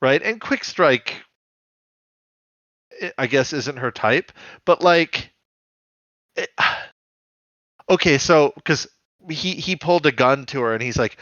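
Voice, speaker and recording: A man's voice: mid-range voice, animated, slow pace, pauses often, pushed and bright, dry recording, muffled recording. A man co-hosting a podcast, chatting casually and profanely and laughing often. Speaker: podcast co-host. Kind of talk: casual chat about a cartoon episode.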